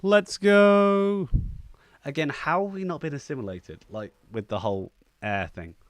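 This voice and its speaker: A man's voice: fairly low pitch, big pitch swings, a little fast, fairly bright tone, dry recording. A man casually commenting on the game he is playing as a streamer, chatty and playfully joking at his own expense. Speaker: gaming streamer.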